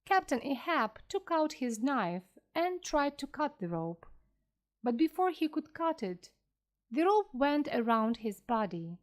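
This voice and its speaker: Slow, careful woman storyteller. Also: high-pitched, sing-song. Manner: clear, careful reading aloud. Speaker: narrator. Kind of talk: slow storybook narration for language learners.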